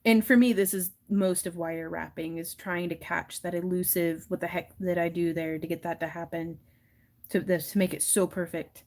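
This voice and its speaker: A woman's voice: fairly low pitch, fairly even intonation, moderate pace, a little mellow. A woman hosting a crafting livestream, chatting casually and laughing often while she wire wraps. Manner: giggly, chatty, acts out little voices in her stories.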